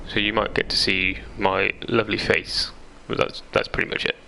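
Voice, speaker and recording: Young guy streaming a game, bright gravelly voice, chats away and laughs, reads out comments. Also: lowish voice, little pitch movement, moderate pace, a little hiss or hum, rough recording. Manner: chatty, reads viewer comments aloud and laughs easily. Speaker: live-streaming gamer. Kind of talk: casual live-stream chat over gameplay. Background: game music.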